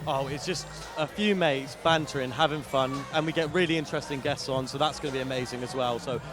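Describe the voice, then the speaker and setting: A man's voice: mid-range voice, steady tone, brisk, music in the background. A male comedian and company co-founder answering eagerly in a casual interview outside a venue, full of fillers. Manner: eager, with lots of fillers and laughter.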